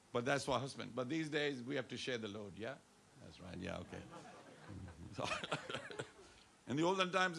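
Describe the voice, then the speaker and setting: Delivering a devotional sermon at a temple, this man has a medium-pitched, gravelly, somewhat bright voice. He sprinkles in Hindi phrases and playfully coaxes the congregation to answer him and get up dancing.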